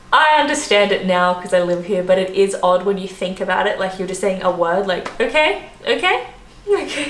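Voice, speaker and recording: An Australian woman in her thirties chatting casually to camera in a vlog, animated and quick to laugh. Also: medium pitch, slight background noise. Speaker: travel vlogger. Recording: roomy echo.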